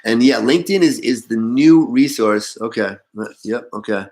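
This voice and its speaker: A man's voice: mid-range voice, darkish tone. A man hosting a business webinar, talking casually with lots of fillers and restarts in an upbeat way. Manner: halting, filler-heavy, upbeat. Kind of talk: casual online meeting talk.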